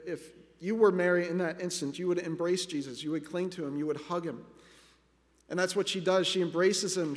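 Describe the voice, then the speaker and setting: A man preaching a sermon as pastor, earnest and reflective, speaking directly to his listeners as friends. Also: sits high. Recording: long reverb of a large hall.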